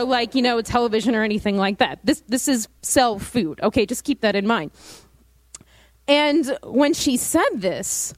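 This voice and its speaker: A young woman in her twenties, a biologist giving a storytelling talk to an audience, animated and chatty with lots of fillers. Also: fairly high pitch, no echo, rough recording. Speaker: student speaker.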